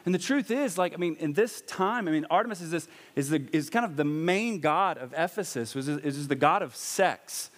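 A man's voice: fairly high pitch, expressive, moderate pace, few pauses. A man preaching a sermon as pastor, talking in a conversational way with bursts of raised emphasis. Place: church hall. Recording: long reverb of a church hall.

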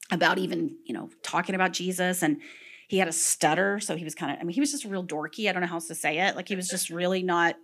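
A middle-aged woman preaching a sermon, telling stories with animated energy, dropping to whispers and breaking into shouts. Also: on the low side. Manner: animated storytelling, drops to whispers and bursts into shouts.

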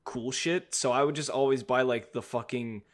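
A man's voice: mid-range voice, fairly even intonation, normal speed. A young man joking and swearing in casual chat with friends.

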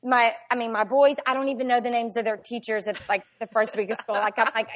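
Woman, 40s, podcast guest; slightly high voice, chatty, animated storytelling full of "like". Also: quick pace, few pauses. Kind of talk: casual storytelling chat.

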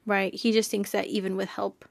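A woman's voice: medium pitch, little pitch movement, normal speed, gravelly, dry recording. A young woman hosting a podcast, chatting casually and enthusiastically, laughing often. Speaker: podcast host. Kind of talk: casual chat.

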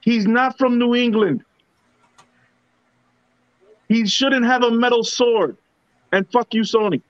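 A man's voice: extremely high pitch, slow, no room sound. A man co-hosting a podcast, ranting in a heated, profane way. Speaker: podcast co-host. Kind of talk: casual podcast rant. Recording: dull, dry lo-fi sound.

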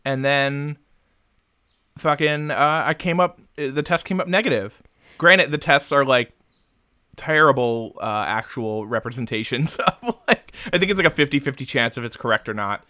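A man's voice: medium pitch, animated, normal speed, sharp tone, smooth, no room sound, studio quality. A man from Jersey City co-hosting a casual podcast, joking, swearing freely and laughing often. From Jersey City, USA. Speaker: podcast co-host.

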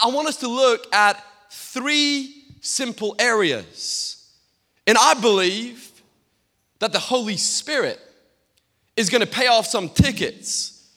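A Scottish man, a guest pastor, preaching a sermon with humorous storytelling and quick stammered repeats, in a church hall. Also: high voice, pushed and bright. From Scotland. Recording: long reverb of a church hall.

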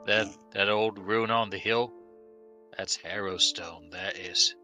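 A man voicing a gruff, drinking coachman who gives blunt, folksy warnings. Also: on the low side, takes it slowly, pushed and bright, faint music behind, full character voice. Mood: wary.

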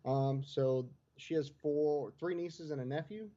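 A man's voice: on the high side, measured pace, dark tone. A man co-hosting a casual sports chat from home, laid-back and easygoing. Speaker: co-host. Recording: dull lo-fi line with faint noise.

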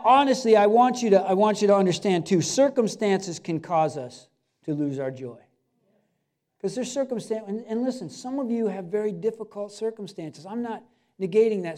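Man, middle-aged pastor, sermon, chatty preaching, fairly high pitch. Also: a little mellow. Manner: conversational preaching with frequent asides and restarts.

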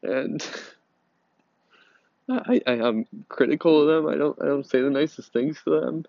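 A man in a personal confessional monologue, halting and repeating words, angry and overwhelmed. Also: a little high, dry recording, dull audio. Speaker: podcast host.

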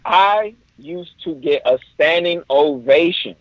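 A man's voice: fairly high pitch, animated, slow, no room sound, muffled recording. A middle-aged man, a comedian guest on a podcast, telling a story with energy and acting out other people's voices.

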